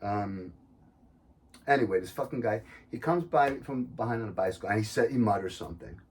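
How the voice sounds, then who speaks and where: A man from New York chatting casually as podcast co-host, telling animated, profane stories. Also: lowish voice, fairly quick, recorded from a distance, slight background noise. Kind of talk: casual chat.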